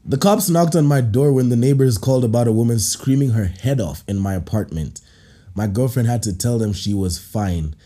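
A man hosting a podcast, reading out listener stories and reacting with animated laughter and playful put-on voices. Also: medium pitch, moderate pace. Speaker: podcast host.

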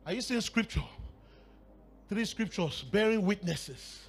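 A man preaching a sermon with fervor, dropping to a hush and then rising to shouts and half-sung phrases, sometimes speaking in tongues. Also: high-pitched, unhurried. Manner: fervent, swings from hushed to shouting and half-singing.

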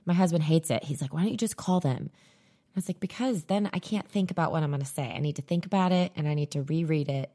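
A woman's voice: low-pitched, fast talker, mellow. A woman in her thirties co-hosting a podcast, telling stories in a dry, self-mocking casual chat. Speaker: podcast co-host.

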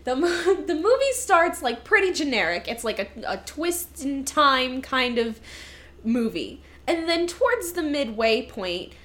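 Casting: high-pitched woman, lively storyteller in a casual movie-review chat. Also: a little slow. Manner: animated storytelling, acting out lines with laughs. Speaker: podcast co-host reviewing a movie.

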